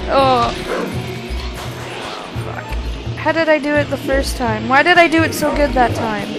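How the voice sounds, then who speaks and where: High-pitched woman yelling over game music. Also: a little slow, pauses often. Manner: screams, swears and pleads at enemies. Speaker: let's play gamer. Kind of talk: panicked gameplay commentary.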